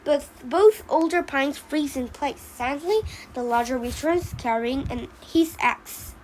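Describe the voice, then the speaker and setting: A woman reading the narration of a storybook play aloud, halting, with small slips. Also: high-pitched, a little mellow, a little hiss or hum, rough recording. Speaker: reader.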